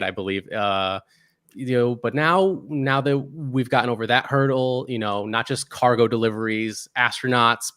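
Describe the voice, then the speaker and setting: A man's voice: medium pitch, pushed and bright, smooth, no room sound, clean studio sound. A man hosting a casual science news show, reading from articles with many fillers and restarts. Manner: hesitant, many fillers, reads out article text. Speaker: podcast host.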